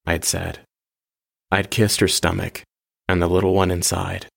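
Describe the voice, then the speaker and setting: A man hosting his podcast and narrating a first-person science-fiction short story in a measured, steady way. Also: low voice, vocal fry.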